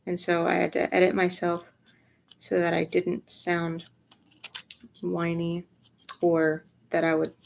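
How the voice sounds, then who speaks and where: A young adult woman speaks candidly in a personal vlog, her voice sitting a little low with a gravelly, creaky texture. She sounds tired and rambles frankly, swearing freely. She often sinks to a hushed near whisper mid-thought. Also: completely flat delivery, takes it slowly, pauses often, a little hiss or hum. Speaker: vlogger.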